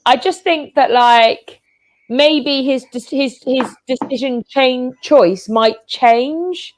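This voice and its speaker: A fairly high-voiced woman hosts a relaxed football chat show from home. She talks through a video call mic, rambling, restarting her sentences and dropping in plenty of fillers. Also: takes it slowly. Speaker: show host. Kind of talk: casual online football chat.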